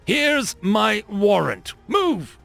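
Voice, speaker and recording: A man's voice: on the high side, lively intonation, a little fast, gravelly, fairly bright tone, soft background music, pitched above the performer's own voice. A man voicing a brutish, hot-tempered three-eyed alien general with a bullying, snarling manner in a storybook reading. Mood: haughty.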